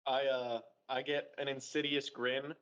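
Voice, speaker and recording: A man playing a tabletop game who narrates his actions quietly and with amusement. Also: medium pitch, little pitch movement, a little slow, clean tone, highs cut off. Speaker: player.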